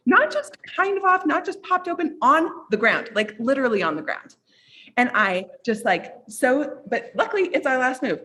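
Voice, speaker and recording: A woman business coach telling a personal story to a group, animated and full of "like", with big jumps up in pitch. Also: slight background noise.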